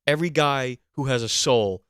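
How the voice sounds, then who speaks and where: A man's voice: mid-range voice, moderate pace, fairly bright tone, clean tone, dry recording, studio quality. A young man hosting a podcast, riffing in a rambling, profane, comedic monologue full of fillers. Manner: rambling, profane, lots of fillers and mock voices. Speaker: podcast host.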